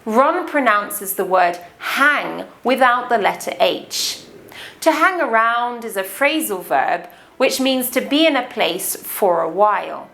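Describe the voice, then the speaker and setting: A British woman explaining English accents as a teacher, talking carefully and deliberately. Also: fairly high pitch, expressive, vocal fry, fairly bright tone. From Britain.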